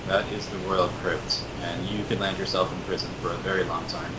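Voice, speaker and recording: A gruff, good-natured paladin who talks low and dry, holding back more than he says, as a man voices him. Steady noise and rumble sit under the voice. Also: a little fast, lightly acted. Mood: warning. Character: jovial hard-drinking male paladin, gruff but kind. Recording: noisy recording with rumble.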